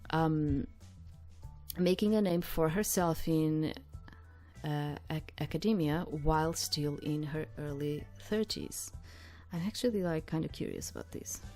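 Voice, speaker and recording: Low-voiced gamer girl rambling over a visual novel, english not her first language, soft music under her. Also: a little slow. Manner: chatty, rambling asides, thinking aloud. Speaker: game streamer. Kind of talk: reading a visual novel aloud with side commentary.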